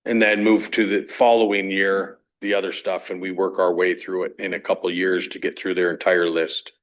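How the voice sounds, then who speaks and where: A man's voice: sits low, little pitch movement, normal speed. A man reporting to a council on projects and budgets in a plain, businesslike way with some fillers. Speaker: staff member reporting on projects. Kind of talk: meeting report.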